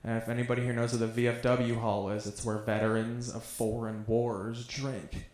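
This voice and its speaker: A man tells crude, casual stories on a comedy stage. His voice sits at a middle pitch, and it carries a roomy, echoing club sound. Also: little pitch movement, moderate pace, darkish tone. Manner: crude, conversational storytelling. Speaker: stand-up comedian. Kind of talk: stand-up comedy set.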